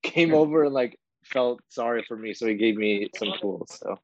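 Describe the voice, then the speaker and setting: A male podcast co-host in casual chat who laughs easily and speaks haltingly. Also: mid-range voice, dull audio.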